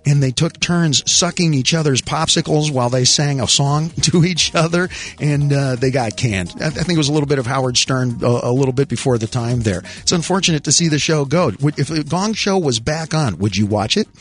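A man hosting a talk radio show, wisecracking and animated with rhetorical questions. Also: mid-range voice, brisk, few pauses.

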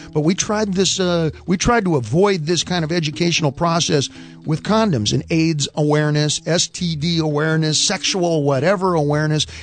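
A man performing a stand-up comedy rant, animated and opinionated, often mimicking other people's voices. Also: on the high side.

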